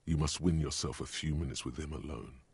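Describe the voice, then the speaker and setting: A man voicing the grave inner narrator of a detective video game, with a deep, husky voice and a measured delivery. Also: fairly even intonation, darkish tone, no room sound, exaggerated voice. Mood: ominous.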